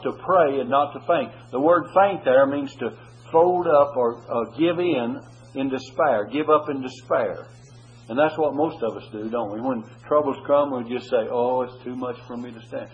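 An earnest male preacher of middle pitch delivers a sermon. He swells and slows on scripture quotes, then drops back to plain teaching. Frequent "uh" pauses break up his thoughts. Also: dull audio.

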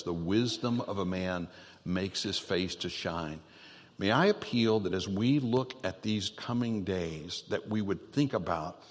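A man preaching a sermon as pastor, building up to emphatic bursts when he quotes scripture and then going quiet and gentle for the closing prayer. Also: lowish voice, big-room sound. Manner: rises to emphatic exhortation on scripture, drops soft for prayer.

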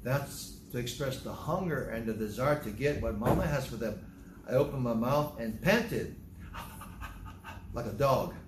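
A man of medium pitch delivers a Bible teaching sermon in an animated way, stopping to ask his listeners questions. The recording sits in an echoey room with a faint hum of ambience underneath. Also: unhurried. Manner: animated, asks the congregation questions. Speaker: preacher.

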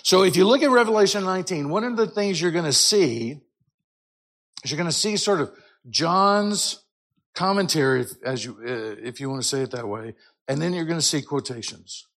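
A man's voice: fairly high pitch, lively intonation. Man teaching a casual Bible class. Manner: conversational, tag questions, reads scripture aloud loudly with drawn-out emphasis. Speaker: Sunday school teacher.

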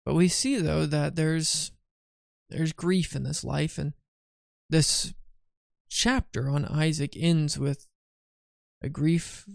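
A man's voice: fairly high pitch, fairly even intonation, slow, creaky, pauses often, no room sound, clean studio sound. A tired, yawning man teaching a Bible study in a chatty way, often asking "right?" and restarting his phrases.

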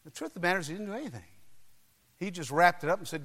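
High-voiced preacher in an echoing hall. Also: male voice, expressive, a bit bright. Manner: emphatic, dramatic pauses, acts out voices. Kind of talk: sermon with personal storytelling. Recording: long hall reverb.

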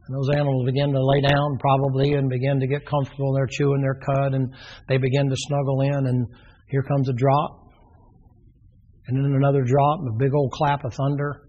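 A man's voice: medium pitch, flat delivery, a little fast, a little mellow, breathy edge. A man preaching a sermon, telling the story with drama and acting out the characters' voices. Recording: dull lo-fi sermon recording.

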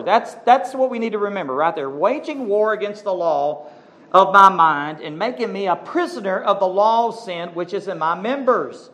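Male pastor, fairly high voice, emphatic and animated, reads scripture and comments to the congregation. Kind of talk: sermon with scripture reading.

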